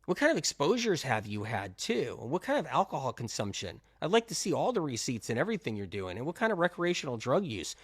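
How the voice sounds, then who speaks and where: A man's voice: wildly swooping pitch, fast talker, hardly any pauses, breathy edge, no room sound, studio quality. Emphatic man full of rhetorical questions. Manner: swings between loud outbursts and low-key talk. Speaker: health talk host. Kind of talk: animated monologue.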